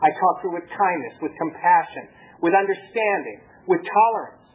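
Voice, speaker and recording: A man from Southern California gives a personal testimony as a speaker at a recovery meeting, telling it in an animated way and acting out the voices he quotes. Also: high voice, moderate pace. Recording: tinny lo-fi tape with faint hiss.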